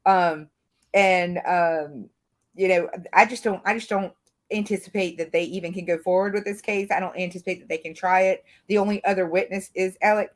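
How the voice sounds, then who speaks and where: A woman's voice: fairly low pitch, fairly even intonation, moderate pace. A woman who works as a defense attorney, talking casually on a podcast, hesitant, with many fillers and restarts.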